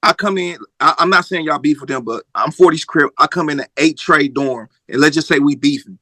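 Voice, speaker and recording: A man's voice: on the high side, a little fast, pushed and bright, no room sound. A man hosting a casual interview, asking probing hypothetical questions. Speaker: podcast host.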